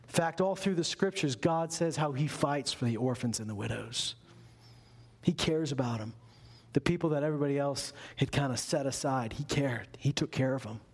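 A man's voice: medium pitch, normal speed, husky. A man pastor preaching a sermon in an emphatic, conversational way.

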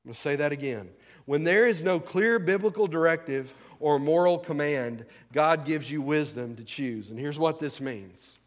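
A man's voice: fairly high pitch, moderate pace. A male pastor preaching a sermon in a folksy, conversational way, asking the congregation questions. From rural American South. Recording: long hall reverb.

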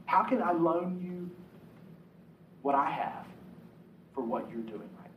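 Pastor guy preaching, kinda high voice, talking from back off the mic, echoey hall. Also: lively intonation, slow, a bit bright, a little hiss or hum. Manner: conversational preaching, acts out quoted voices. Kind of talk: sermon. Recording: echoey room, mic from a distance.

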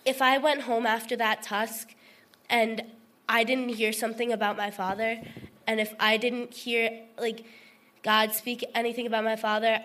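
A woman's voice: on the high side, little pitch movement, normal speed, a bit bright. A woman giving a heartfelt personal testimony to a group, rambling with lots of fillers and restarts. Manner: earnest and emotional. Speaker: testimony speaker.

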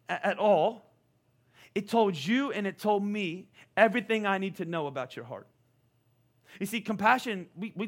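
A man in his forties preaching a sermon, energetic and repeating words as he stresses his points. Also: sits high. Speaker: pastor.

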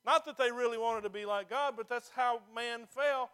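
A man's voice: very high-pitched, normal speed, bright, forceful tone, smooth. A male pastor preaching a sermon to his congregation in a church, emphatic and throwing rhetorical questions at the listeners.

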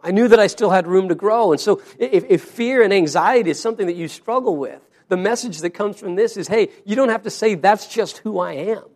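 A man's voice: high-pitched, fairly quick, hardly any pauses, a little mellow. A man preaching a sermon to a congregation, earnest, often repeating and restarting his words. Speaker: pastor.

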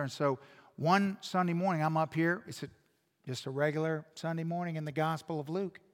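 A male pastor preaching a sermon in a church sanctuary, telling stories that fall to a hush and then build up loud. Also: on the high side. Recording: long reverb in a church hall.

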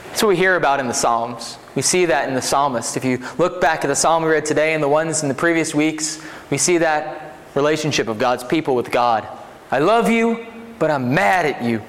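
A man's voice: a little high, brisk, a bit bright, long reverb tail. A man preaching a sermon as pastor in a conversational way, often checking in with his listeners. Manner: conversational, asks 'right?' often.

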